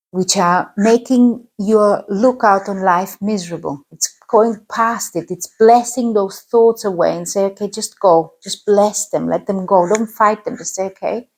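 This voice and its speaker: Breathy woman guiding a qigong class. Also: medium pitch. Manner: calm, guiding instructions. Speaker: qigong instructor.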